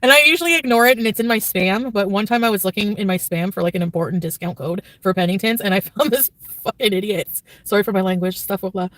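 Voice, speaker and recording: A woman streamer talking casually to her chat, rambling and leaning on "like" in nearly every sentence. She gets blunt and swears freely. Her voice is a middling pitch, picked up dry and a little away from the mic. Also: fast talker, a bit bright, no room sound, far from the mic. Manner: rambling, filler-heavy with constant "like"; blunt and profane when annoyed. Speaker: livestreamer reading chat.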